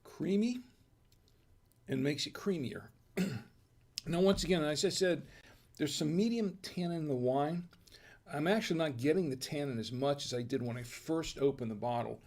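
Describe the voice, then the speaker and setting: Gravelly-voiced man chatting through a tasting. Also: normal speed. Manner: relaxed, chatty, thinks aloud with restarts and low asides. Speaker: host of a wine tasting show. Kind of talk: casual wine and cheese tasting chat.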